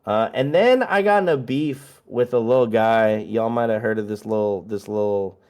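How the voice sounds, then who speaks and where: A man's voice: lowish voice, moderate pace, a little mellow. A young man, a musician guest, chatting casually through a long list of his releases, rambling and joking with lots of fillers.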